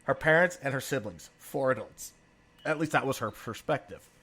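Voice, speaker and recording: A man in his thirties co-hosting a podcast, telling family stories in a relaxed chat and laughing often. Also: medium pitch, normal speed, slightly rough. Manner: animated storyteller, laughs often. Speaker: podcast co-host. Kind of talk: casual conversational storytelling.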